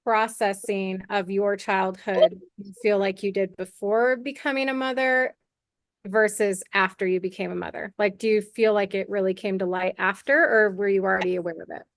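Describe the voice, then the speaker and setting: A woman's voice: medium pitch, steady tone, moderate pace, no room sound, clean studio sound. A woman hosting a podcast, listening attentively and asking open questions in a casual interview. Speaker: podcast host.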